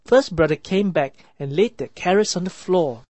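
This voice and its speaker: A woman narrating a children's counting story for a math lesson, reading in a clear, deliberate and expressive way. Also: fairly low pitch, dry recording. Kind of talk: slow read-aloud children's story narration.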